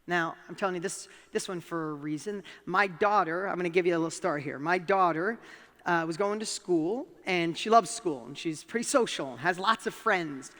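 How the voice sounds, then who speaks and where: A man's voice: high-pitched, moderate pace, sharp tone. A man giving a motivational talk to a live audience from a stage, telling stories with animation and putting questions straight to the crowd. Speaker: motivational speaker. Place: stage in a large hall. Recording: long hall reverb.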